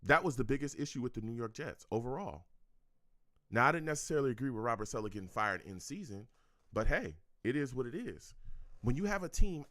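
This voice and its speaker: A man hosting a live sports talk stream, his pitch swinging up and down as he riffs, repeats himself and breaks into laughs. His voice is mid-pitched and sits close on a dry, close microphone with no room around it. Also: animated, brisk, fairly bright tone, no echo. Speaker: sports talk show host.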